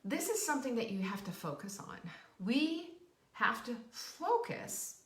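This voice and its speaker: Animated woman cheering on viewers, roomy sound. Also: on the high side, measured pace. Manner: animated and emphatic, acts out quoted voices. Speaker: host of a live cooking and nutrition show. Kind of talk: motivational live-stream talk. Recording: roomy echo, voice a bit off-mic.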